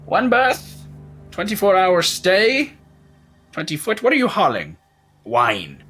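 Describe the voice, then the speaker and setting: Brief: man putting on a shrill, officious dockside taxman, greedy and smug, pitch swinging up high. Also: wildly swooping pitch, slow pace, a bit bright, slightly rough, soft background music, exaggerated voice. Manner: haughty, officious. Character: fussy jewel-laden male tax collector, greedy.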